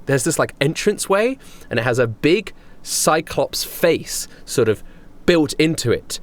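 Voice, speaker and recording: A man narrating a tabletop game as game master, casual and rambling with plenty of fillers. His voice moves through a lively pitch range at a middling height.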